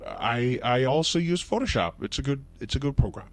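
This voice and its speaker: A man's voice: medium pitch, sing-song, moderate pace. A man hosting a puppet show, rambling through a comic monologue with hesitant fillers. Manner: rambling, chatty, with hesitant fillers and put-on voices.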